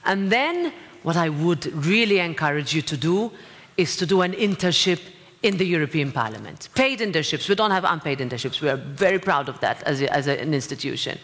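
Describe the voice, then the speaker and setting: A woman's voice: deep voice, expressive, fairly quick, fairly bright tone. Encouraging woman speaking in a reverberant hall. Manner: encouraging, direct, with asides to the audience. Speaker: president of a parliament, guest speaker. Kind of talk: speech and audience Q&A. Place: lecture hall.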